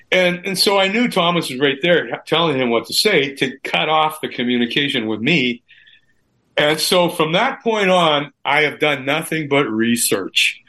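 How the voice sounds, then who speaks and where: Man from Canada, middle-aged, guest author on a livestream; bright tone, rambling storyteller who repeats himself. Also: on the high side. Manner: rambling, repeats words and restarts.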